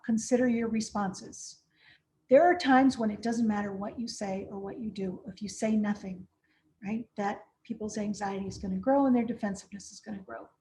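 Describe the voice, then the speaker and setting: A woman's voice: on the high side, normal speed, darkish tone, a little hiss or hum. Woman giving a conversational training talk. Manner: conversational, frequent "right?" tag questions. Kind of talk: professional training lecture.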